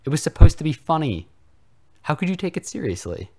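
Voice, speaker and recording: Whiny annoyed troll guy going high and pleading, man doing the voice. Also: very animated, fairly quick, mellow, slightly rough, heavily acted. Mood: exasperated. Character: whiny adult male atheist troll, defensive.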